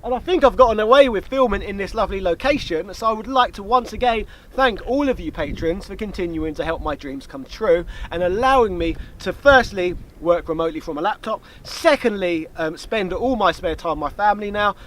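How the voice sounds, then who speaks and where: A man hosting a casual Q&A, chatty and jokey, with quick asides. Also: high voice, animated, poor audio. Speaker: YouTube host. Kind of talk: casual Q&A chat. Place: outdoor location, light background noise.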